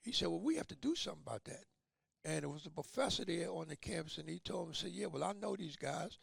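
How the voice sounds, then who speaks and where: A man's voice: on the high side, animated, fast talker, creaky, breathy edge, no room sound, studio quality. An older man telling stories as an interview guest, acting out the voices of the people he quotes. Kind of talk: storytelling in conversation.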